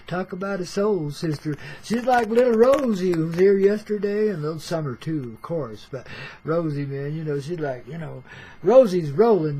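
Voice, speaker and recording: A man's voice: fairly high pitch, dark tone, breathy edge, rough recording. An older man telling a rambling story as a radio storyteller, in laid-back hippie slang, calling his listeners baby and man. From Oregon. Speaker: storyteller host. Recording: faint background noise.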